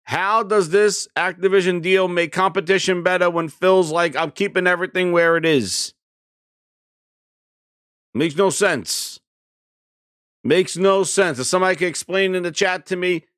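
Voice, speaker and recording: A man hosting a gaming live stream in casual chat from his home streaming room. He is excitable and rambling, and calls out viewers' names from the chat. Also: sits high, brisk, hardly any pauses, clean tone, dry recording, clean studio sound.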